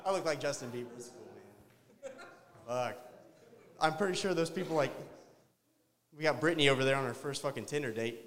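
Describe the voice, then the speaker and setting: A tipsy comedian does a crude, rambling open-mic set, talking to the crowd and laughing at his own jokes. His voice is a little high and slightly fast, with frequent pauses, and a long hall reverb trails every line.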